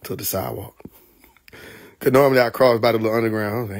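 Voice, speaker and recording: A man from Atlanta, telling profane, animated stories on a live stream, laughing often. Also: on the low side, quick pace. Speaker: livestream host. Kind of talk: casual storytelling on a live stream.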